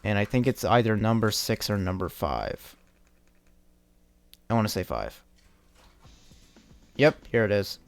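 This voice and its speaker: A man's voice: fairly low pitch, very animated, a little slow, long pauses, soft background music. Chatty young man streaming a game. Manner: rambling, chatty, with frequent restarts and casual swearing. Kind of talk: casual live-stream commentary while playing.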